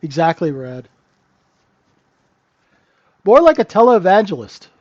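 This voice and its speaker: A man's voice: high voice, very animated, slow pace, dull audio. A man hosting a live trading room, giving casual, joking market commentary and answering viewers by name. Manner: chatty, joking, talks to chat viewers by name.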